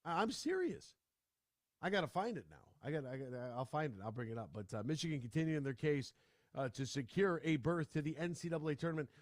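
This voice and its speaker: An animated male sports radio host ranting in casual talk, his voice sitting a little higher than most men's. The studio sound is dry and close. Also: fast, no room sound. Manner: animated, ranting, full of restarts.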